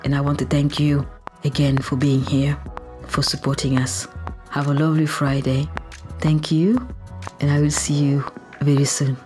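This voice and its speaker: A woman with a French accent hosts a podcast in an effusive, heartfelt way. Her voice sits low. Music plays steadily underneath. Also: little pitch movement, moderate pace. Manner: effusive, emotional, warmly gushing. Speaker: podcast host. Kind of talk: podcast interview and sign-off.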